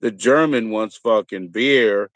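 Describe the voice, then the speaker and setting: A man's voice: on the low side, slow, fairly bright tone, no room sound. A man in his thirties hosting a livestream, rambling and joking crudely in a casual chat. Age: 30s. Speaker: streamer host.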